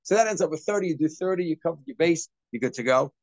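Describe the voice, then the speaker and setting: Animated rabbi teaching a class. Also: male voice, a little high, no room sound, highs cut off. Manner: animated, quick, acts out scenes in asides. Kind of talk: informal Torah class.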